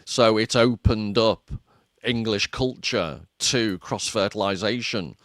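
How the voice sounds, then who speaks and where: A man's voice: lowish voice, takes it slowly, fairly bright tone, no echo. Liverpool-born male panelist, chatty, needles others, dry close mic. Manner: teasing, chatty. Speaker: podcast panelist. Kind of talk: casual panel chat.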